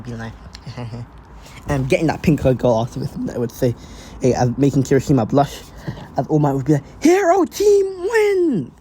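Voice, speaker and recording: A man casually improvising a fan-fiction story out loud, rambling with lots of fillers and restarts. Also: medium pitch, slight background noise, poor audio.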